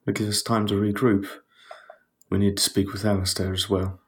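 A woman putting on a deep husky calm companion. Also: normal speed. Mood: measured.

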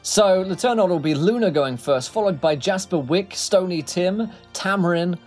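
A man's voice: high voice, moderate pace, darkish tone, faint music behind. Man rambling as game master. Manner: rambling narration, many fillers. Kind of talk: narrating a tabletop game.

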